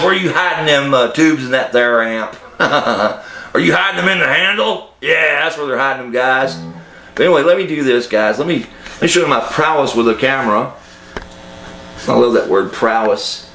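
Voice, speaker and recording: A man's voice: mid-range voice, fairly bright tone, a little hiss or hum. A man vlogging about a guitar amplifier in a folksy, chatty way with lots of fillers and laughs. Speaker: gear reviewer. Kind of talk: casual vlog. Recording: roomy echo.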